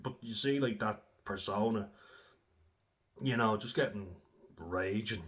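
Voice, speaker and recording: Young lad, kinda low voice, swears a lot and laughs while he talks, casual chat. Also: measured pace, a bit bright. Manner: blunt, sweary, laughs while telling stories. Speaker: former rugby player. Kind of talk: casual storytelling.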